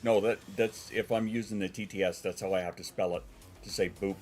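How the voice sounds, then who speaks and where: Stuffy-voiced man with a deep voice. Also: fairly even intonation, brisk, darkish tone, soft background music. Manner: rambling, swears, answers chat. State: congested. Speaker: streamer. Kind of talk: casual stream chat.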